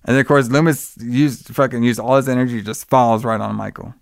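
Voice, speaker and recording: A man's voice: medium pitch, fairly even intonation, a little fast, creaky, no echo, clean studio sound. A man casually retelling a film's plot with lots of fillers and swearing. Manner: loose, profane retelling with many fillers. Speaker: podcast co-host recapping a film. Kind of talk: casual chat.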